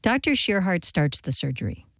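A woman reporter narrating a documentary story in a measured, plain way. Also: fairly low pitch, sing-song, dry recording, clean studio sound. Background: soft guitar music.

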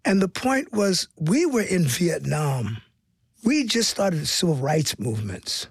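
An older man recounts his past in a warm studio interview, his voice gravelly and husky. He repeats words as he gathers his thoughts and sinks to a near whisper when he wants weight on a line. The sound is dry and close. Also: on the high side, measured pace, no echo. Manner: expressive, repeats words, drops into hushed tones for emphasis. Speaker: guest, stage performer. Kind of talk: interview storytelling.

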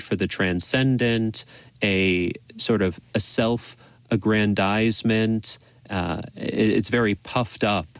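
A man, a priest and professor of bioethics, giving thoughtful, measured explanations in a radio interview with small restarts. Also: mid-range voice, no echo.

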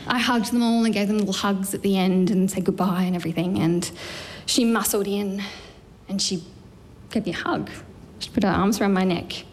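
A woman telling a lively, self-mocking personal story on stage. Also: medium pitch, normal speed.

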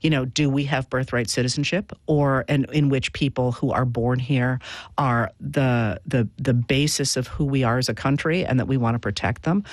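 A man's voice: medium pitch, fairly even intonation, dry recording, studio quality. A man speaking as a professor and guest, explaining history earnestly with frequent halts and restarts. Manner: earnest, halting, many restarts. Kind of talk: explanatory interview answers.

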